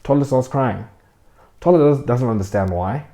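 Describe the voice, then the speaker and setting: A man's voice: medium pitch, normal speed, dark tone. A young man hosting a casual, earnest faith talk to his viewers, talking conversationally and acting out the voices he quotes. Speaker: host.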